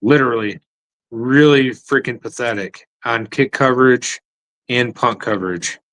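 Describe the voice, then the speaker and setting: A man's voice: mid-range voice, a little slow, a bit bright. A man co-hosting a sports podcast, blunt and emphatic in casual chat. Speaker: podcast co-host.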